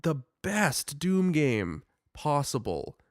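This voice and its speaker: A young man co-hosting a podcast in casual chat, rambling and animated with lots of filler words. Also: fairly high pitch, slow pace, dry recording, studio quality. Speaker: podcast co-host.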